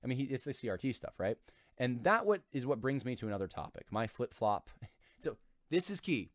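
A man's voice: medium pitch, fairly quick, dry recording, clean studio sound. A man hosting his own commentary show, reading aloud from an article and breaking in with emphatic, repetitive remarks. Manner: animated, emphatic, repeats himself. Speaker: commentary channel host.

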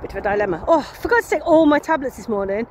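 Walking outdoors along a country lane, a vlogger in her fifties with a Nottingham English accent rambles casually and whimsically to her camera, playing with invented words. Her voice is a little high and very fast with lively intonation, and she sounds slightly sniffly. There's a bit of hiss or hum in the recording.

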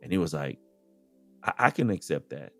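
A man's voice: very deep voice, big pitch swings, moderate pace, fairly bright tone, no room sound, faint music behind. A man from the United States, a podcast guest, speaking in a casual, earnest conversational way and often saying "you know".

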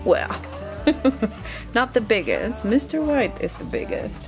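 A woman's voice: fairly high pitch, expressive, takes it slowly, over music, rough recording. A woman homesteader, middle-aged, in a goat pen, talking to her baby goats in cooing, affectionate baby talk. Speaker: homesteader vlogger.

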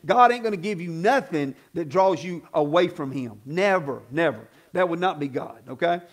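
A high-pitched man preaches in a church. He talks plainly and folksily, pushing into loud, emphatic bursts when he drives a point home. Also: animated, moderate pace. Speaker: pastor. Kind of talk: sermon. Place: church sanctuary.

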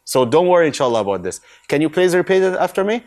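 Man teaching Quran recitation, slightly high voice. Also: sing-song, a little mellow. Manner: slow, drawn-out model recitation between quick explanations; asks the viewer questions and answers them himself. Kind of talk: recitation lesson.

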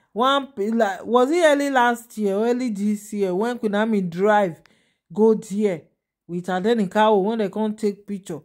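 A woman speaking with a Nigerian Pidgin accent, running a casual gossip vlog, rambling with fillers and restarts and turning indignant as she scolds. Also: medium pitch. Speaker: celebrity gossip vlogger.

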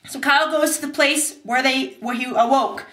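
A woman's voice: high voice, fairly even intonation, normal speed, bright, forceful tone, reverberant, distant mic. A young woman recapping a TV episode in a casual vlog, bubbly and acting out scenes in silly voices. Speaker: TV recap vlogger. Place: bathtub.

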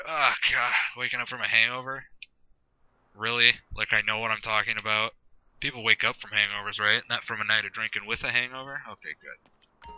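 A man's voice: on the low side, sharp tone, smooth, highs cut off. A man giving rambling, sarcastic gameplay commentary, swearing often and talking to himself as he plays. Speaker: gameplay video host.

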